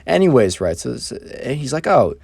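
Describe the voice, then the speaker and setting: A man's voice: mid-range voice, animated, fairly quick, a little mellow, dry recording, clean studio sound. A man casually telling a funny personal story to his viewers. He pokes fun at himself and keeps dropping fillers like "right" and "anyways". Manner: chatty, self-mocking, lots of fillers like "right" and "anyways". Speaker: storytime narrator.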